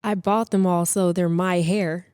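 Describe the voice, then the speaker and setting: A woman's voice: on the low side, unhurried, clear, resonant tone, no room sound. Giggly young woman guest, dry sound. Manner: relaxed, giggly, lots of fillers. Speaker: podcast guest, model and actress. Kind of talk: casual interview chat.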